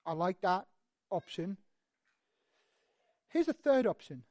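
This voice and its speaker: A preacher delivers a sermon, telling the story in a lively, conversational way full of animated asides. His voice is medium in pitch and his pace is slow, with no room sound on the recording.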